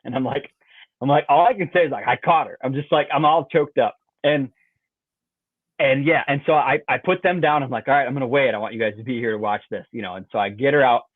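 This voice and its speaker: A man's voice: mid-range voice, fast, no echo. A man in a medium voice tells a long story as a podcast guest, rambling with "like" and "you know" and making little sound effects. He comes through a thin, phone-like call line. The sound is dry, with no room around it. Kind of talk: animated storytelling.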